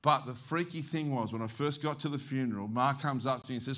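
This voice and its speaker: Speaking quickly in a mid-range voice, an Australian evangelist preaches during a church service. He animatedly tells a story and performs its dialogue himself.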